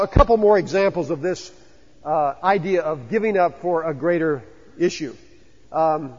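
Husky-voiced pastor preaching in a reverberant hall. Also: male voice, high voice. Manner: conversational, asks the congregation questions. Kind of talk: sermon. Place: church sanctuary. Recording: dull lo-fi sound with long church reverb.

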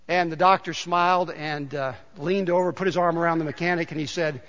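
A male pastor with a high, bright voice delivers a sermon in a church sanctuary, his words trailing off into a long hall reverb. He shifts between easy storytelling and emphatic calls to the congregation. The sound is slightly dull and muffled. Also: fairly even intonation, brisk, few pauses. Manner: rises to emphatic calls to the congregation, tells jokes.

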